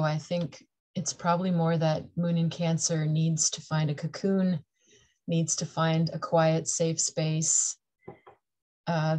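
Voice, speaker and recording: Middle-aged lady doing a relaxed tarot reading, lowish voice, lots of little laughs and jokey asides. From Canada. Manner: chatty, laughs often, playful asides. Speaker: tarot reader. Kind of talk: casual tarot reading to camera.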